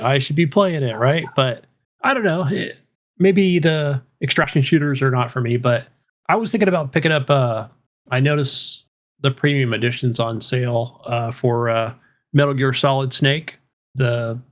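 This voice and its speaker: A man's voice: medium pitch, normal speed. A man co-hosting a podcast, talking in an easygoing, laid-back way with many fillers. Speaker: podcast co-host. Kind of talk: casual podcast chat.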